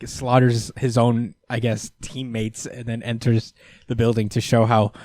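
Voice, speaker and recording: A man's voice: medium pitch, little pitch movement, a little slow, darkish tone, no echo. A man hosting a podcast in casual chat, easygoing and agreeable, with lots of fillers. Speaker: podcast host.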